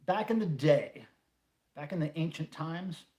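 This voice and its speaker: A man's voice: fairly high pitch, animated, unhurried, darkish tone. A middle-aged man from North Carolina hosting a casual home livestream, joking and reading viewer comments aloud. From North Carolina, USA. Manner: chatty, jokey, reads viewer comments aloud. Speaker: livestream host. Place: home room.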